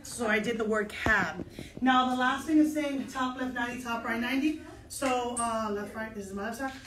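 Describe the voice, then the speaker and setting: An upbeat woman instructor leads a step dance class from a dance studio, counting beats aloud and cheering her students on. Her voice sits a bit high and she sounds a little out of breath. The room echoes, and there is clear noise behind her. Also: normal speed.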